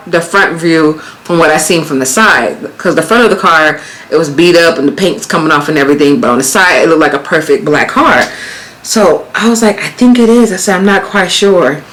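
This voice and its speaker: An American woman in her thirties, a vlogger casually telling a story, growing heated and animated as she retells it. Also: fairly low pitch, a little fast, rough recording. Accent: American, Las Vegas. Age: 30s. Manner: animated, swearing, rising to exclaim in quoted retellings.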